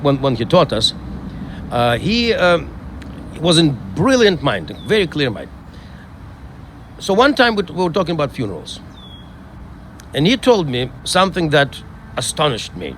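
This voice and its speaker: Middle-aged man, rabbi, funeral eulogy outdoors, measured storytelling, hesitant, fairly high voice, faint traffic. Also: fairly bright tone.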